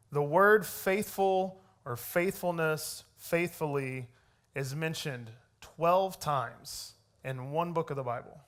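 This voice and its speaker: A young adult man teaches church leaders in a relaxed, conversational way, reading scripture and checking in with the room with "right?". His voice sits a little higher than most men's. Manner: conversational, storytelling, often adds "right?". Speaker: church media arts director teaching leaders.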